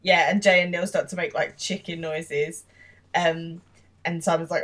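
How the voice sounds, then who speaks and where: A woman's voice: on the low side, steady tone, measured pace, fairly bright tone. A woman chatting through a TV episode on a casual podcast, hedging with fillers and laughing easily. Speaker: podcast co-host.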